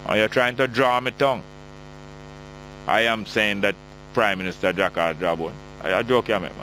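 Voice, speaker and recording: A man's voice: medium pitch, pushed and bright, slight background noise, low-quality recording. A middle-aged man with a Jamaican accent hosting a call-in radio talk show, chatty and joking as he reads out listener texts.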